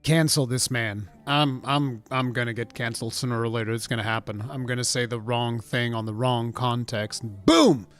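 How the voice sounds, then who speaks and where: A man streaming from home, chatting casually with a rambling, profane, mock-indignant manner that swings from mumbles to loud outbursts. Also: medium pitch, fairly even intonation, moderate pace, hardly any pauses, clean tone, faint music behind. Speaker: streamer reacting to a game showcase. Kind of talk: casual livestream chat.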